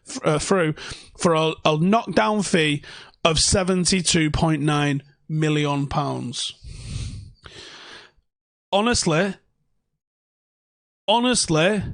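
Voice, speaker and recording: A young man rants through a casual livestream from his home. He swears freely and talks sarcastically. His voice sits a little higher than most men's. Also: dry recording, studio quality. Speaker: fan channel host.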